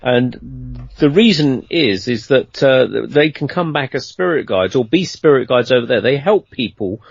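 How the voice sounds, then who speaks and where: A man's voice: medium pitch, animated, measured pace, vocal fry, slightly rough, no room sound, highs cut off. A man telling a long anecdote in a casual interview, rambling and conversational, with lots of fillers and restarts. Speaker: guest storyteller.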